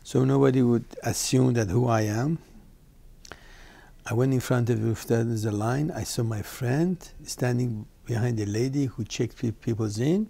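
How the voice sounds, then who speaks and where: An older man from Iran, telling his own story in an interview in animated, emphatic, slightly broken English. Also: medium pitch, a little slow, gravelly. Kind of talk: personal storytelling.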